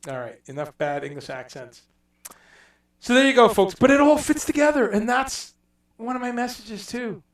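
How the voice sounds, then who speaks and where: A middle-aged man hosting a casual livestream chat, rambling and animated as he reads out viewers' comments. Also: very high voice, normal speed. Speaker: host. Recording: echoey room, far from mic.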